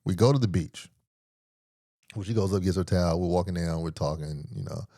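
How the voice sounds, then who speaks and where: Low-voiced man telling a profane story. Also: brisk, mellow, dry recording, clean studio sound. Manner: laid-back, profane, slangy storytelling with acted quotes. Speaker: podcast host. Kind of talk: casual comedic storytelling.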